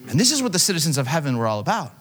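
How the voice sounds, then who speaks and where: Man, pastor, casual storytelling sermon, bright tone. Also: fairly high pitch, very animated, rapid-fire, husky. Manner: conversational, self-deprecating storytelling with frequent fillers.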